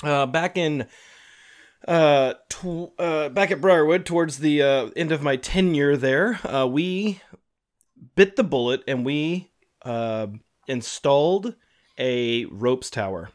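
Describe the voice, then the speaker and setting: A man's voice: on the high side, takes it slowly. A man co-hosting a podcast, telling a story casually with many fillers and acted-out quotes. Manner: rambling, lots of fillers, acts out quotes. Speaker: podcast co-host.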